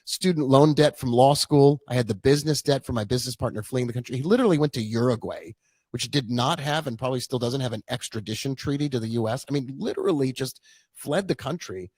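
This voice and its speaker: A man's voice: medium pitch, fast talker, darkish tone, no room sound. Chatty man telling his story, dry sound. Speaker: trading coach. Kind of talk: casual live-stream talk.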